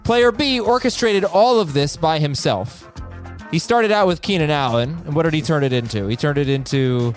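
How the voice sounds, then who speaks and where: A man's voice: fairly high pitch, moderate pace, soft background music. A man hosting a casual podcast, joking and laughing as he reads listener emails aloud. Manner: animated, joking, laughs while reading. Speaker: podcast host.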